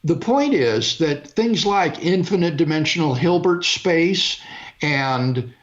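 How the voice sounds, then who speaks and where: A man's voice: on the high side, lively intonation, takes it slowly, highs cut off. An older man, a philosopher, explaining a point in a careful, emphatic lecturing way over a video call. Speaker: philosopher guest. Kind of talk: measured academic discussion.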